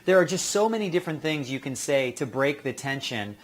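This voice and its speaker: A man giving casual career advice to actors, chatty and acting out quick quoted exchanges. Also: mid-range voice, lively intonation. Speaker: acting coach.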